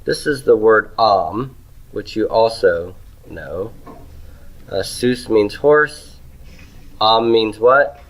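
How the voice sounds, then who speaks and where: A man's voice: fairly low pitch, very slow, long pauses, poor audio. A man teaching Hebrew grammar to a class. He writes on a board as he goes, asks students questions and keeps checking in with "okay?" and "right?". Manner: asks the class questions and answers them himself; writes on a board while he talks.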